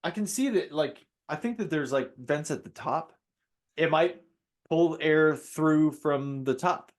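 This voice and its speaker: A man's voice: a little high, a little slow. A man as a guest on a casual podcast, explaining things in a hedging, roundabout way. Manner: hedging, many fillers and restarts when explaining.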